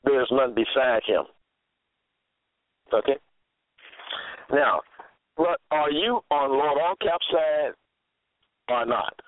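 Man, scripture teacher, slow and deliberate, reads verses aloud, tinny phone-line sound. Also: mid-range voice, lively intonation, dry recording. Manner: reads out verse after verse and restates them.

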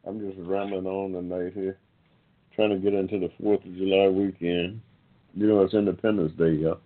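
A man's voice: sits low, level tone, normal speed. An older man hosting an online talk show, rambling casually in a folksy way and calling his listeners y'all, with an African American English accent. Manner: folksy, addresses listeners as y'all, many fillers. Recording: tinny phone-line sound.

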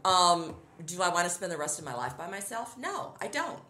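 A woman's voice: fairly low pitch, very animated, normal speed, pushed and bright, roomy sound. A middle-aged woman talking casually as an interview guest, upbeat and chatty, often laughing as she tells stories.

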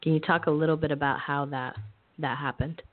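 A woman's voice: low-pitched, fairly even intonation, fairly quick. A woman hosting an interview, offering encouraging affirmations and prompting her guest with questions. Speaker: podcast host. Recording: phone-like remote call audio.

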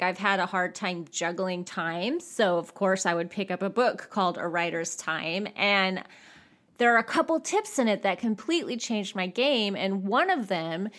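Chatty, expressive woman podcast host. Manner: chatty and expressive, with jumps in pitch. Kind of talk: casual solo podcast talk.

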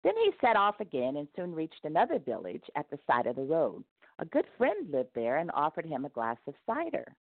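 A woman narrating a devotional story aloud in an expressive read-aloud manner. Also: low-pitched, brisk, no echo. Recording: tinny phone-like dry sound.

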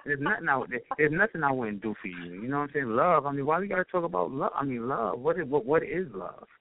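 A man's voice: a little high, expressive, fast talker, vocal fry. A man from Brooklyn, rambling and swearing freely as a panelist in casual talk-show banter. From Brooklyn, New York. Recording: tinny dry phone-line sound.

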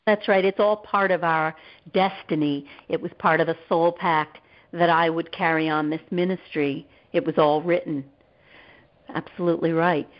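A woman's voice: low voice, fairly even intonation, moderate pace. A woman guest author and therapist telling a personal story in an interview, acting out the voices of the people she quotes. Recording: dull lo-fi audio.

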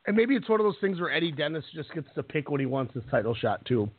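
A man co-hosting a wrestling talk show in casual chat, rambling with halting restarts. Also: on the high side, very animated, slightly rough. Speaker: podcast co-host. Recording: tinny phone line.

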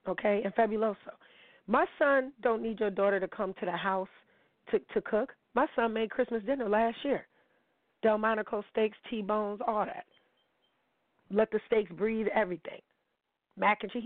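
A woman's voice: mid-range voice, no echo. A middle-aged woman, hosting a candid monologue in a blunt, profane, storytelling manner. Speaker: podcast host. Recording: dry tinny phone-like audio.

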